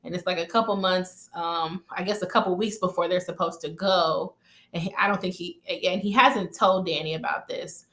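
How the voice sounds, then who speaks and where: A woman talks through a film plot in a loose, conversational retelling, slipping in quoted lines and amused remarks. Her voice sits a little low. The room around her gives it a noticeable echo. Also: normal speed. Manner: chatty, animated retelling with quoted asides and laughs. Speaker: vlogger. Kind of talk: casual movie recap.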